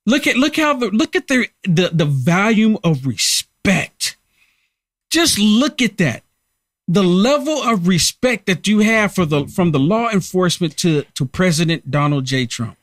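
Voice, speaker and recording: A man's voice: high voice, expressive, measured pace, a bit bright, dry recording, clean studio sound. A man hosting a live political commentary stream, talking emphatically and repeating himself to rally viewers. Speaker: host of a political livestream.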